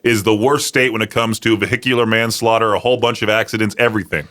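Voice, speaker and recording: A man co-hosting a radio show who tells animated stories and laughs through them. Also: lowish voice, fast talker. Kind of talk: casual radio chat. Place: radio studio.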